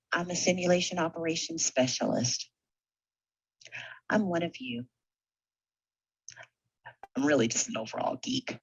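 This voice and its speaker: Slow, husky woman giving a rousing talk. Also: low-pitched, dry recording, poor audio. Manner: conversational and rousing, with rhetorical questions. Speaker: simulation technologist and conference speaker. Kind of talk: motivational conference talk.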